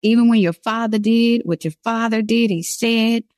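A woman's voice: on the high side, moderate pace, darkish tone, no room sound, clean studio sound. A woman giving an earnest devotional sermon, stressing key phrases by repeating them. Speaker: women's devotional speaker.

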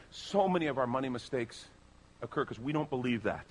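A man's voice: fairly quick, a little hiss or hum. A man pastor delivering a sermon, speaking emphatically and persuasively to his congregation. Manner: animated, emphatic preaching with sweeping pitch.

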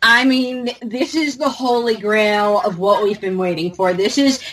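A woman's voice: medium pitch, measured pace, a bit bright, low-quality recording. A woman hosting a casual fan podcast, talking animatedly with many fillers and restarts. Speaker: podcast host.

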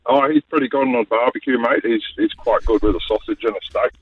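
A man's voice: medium pitch, quick pace, slightly rough, no echo, lightly acted. A man voicing his own uncle, a laid-back Australian man, easygoing and with his voice barely changed. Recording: noisy phone line.

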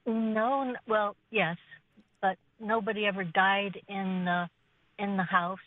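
Slow-speaking woman on a phone line. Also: medium pitch, flat delivery, no echo. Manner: plain, unhurried storytelling. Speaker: caller. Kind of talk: telling a story on the phone.

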